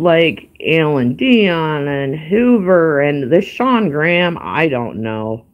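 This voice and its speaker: A woman's voice: very deep voice, a little mellow. Profane, exasperated woman ranting. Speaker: livestream host. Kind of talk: casual livestream chat.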